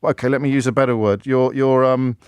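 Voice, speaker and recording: A man's voice: mid-range voice, fairly even intonation, a little fast, a little mellow, clean tone, no echo. A man hosting a radio phone-in, pressing a caller with pointed, repeated questions from a studio microphone.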